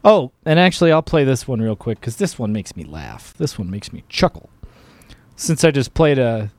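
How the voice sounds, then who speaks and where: A man's voice: mid-range voice, very animated, normal speed, no echo. A man hosting a political commentary show, talking casually in a mocking, exasperated, sarcastic way.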